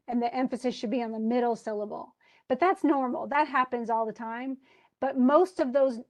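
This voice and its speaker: Woman teacher, fairly high voice, chatty one-on-one tutoring, explains by example. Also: a little mellow. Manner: chatty, explains with spoken examples, laughs easily. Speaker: English instructor.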